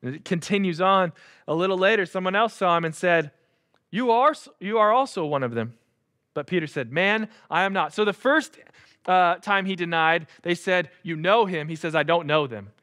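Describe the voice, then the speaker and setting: A man's voice: high voice, normal speed, sharp tone. A man preaching a sermon in a casual, conversational way, acting out the quotes. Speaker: pastor. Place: church.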